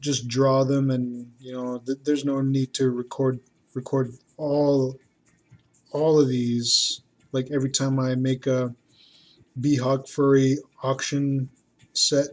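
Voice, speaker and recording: A man's voice: medium pitch, little pitch movement, slow pace, a little mellow. A man talking casually while he draws, rambling and hesitant, with many fillers and restarts. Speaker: artist. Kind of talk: casual talk while drawing.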